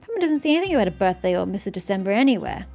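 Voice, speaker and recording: A woman's voice: mid-range voice, very animated, very fast, creaky, dark tone. A woman voicing a small, chatty companion girl from a video game who talks about herself in the third person. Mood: puzzled.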